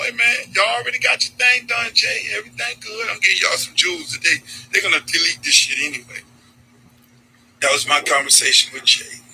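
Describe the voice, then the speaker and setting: A man's voice: sits high, sharp tone, slight background noise, low-quality recording. A man, telling a story animatedly, swearing and acting out what other people said. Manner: profane, acts out other people's lines.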